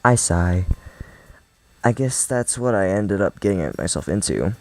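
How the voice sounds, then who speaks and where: A man's voice: deep voice, lively intonation, a little slow, low-quality recording. A man hosting a let's play, reading a visual novel aloud and adding casual, joking asides.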